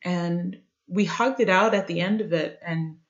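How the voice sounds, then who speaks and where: A young woman vlogger telling a personal story in an earnest, reflective way, often pausing to search for words. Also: fairly low pitch. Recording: dull lo-fi sound.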